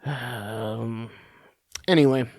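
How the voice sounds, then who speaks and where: Rambling, sarcastic podcast host. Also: male voice, mid-range voice, fairly even intonation, extremely slow, darkish tone, dry recording, clean studio sound. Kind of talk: casual political commentary.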